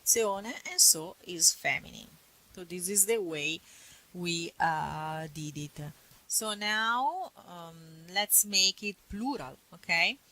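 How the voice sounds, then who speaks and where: A woman's voice: fairly low pitch, animated, slow pace, pushed and bright, low-quality recording. A woman teacher with an Italian accent, a native Italian speaker, patiently explaining grammar and repeating words. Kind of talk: classroom grammar lesson.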